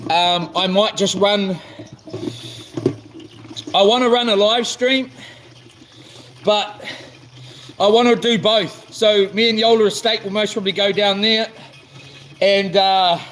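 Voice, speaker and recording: Ranting New Zealand man, high voice. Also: steady tone, slow, long pauses, a bit bright, a little hiss or hum. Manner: frustrated, repetitive, stumbling restarts. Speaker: vlogger. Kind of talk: casual vlog rant.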